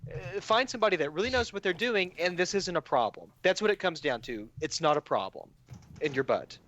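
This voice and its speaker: A man's voice: fairly high pitch, lively intonation, brisk, fairly bright tone, muffled recording. A man co-hosting a casual tech talk show, blunt and joking, with a lot of profanity. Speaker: podcast co-host, hardware modder.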